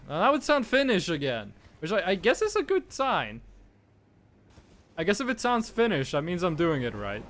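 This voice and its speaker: A man's voice: on the high side, fairly bright tone, a little hiss or hum. A man from Estonia, streaming a game and playfully musing aloud over how words are pronounced. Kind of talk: casual live-stream gaming commentary.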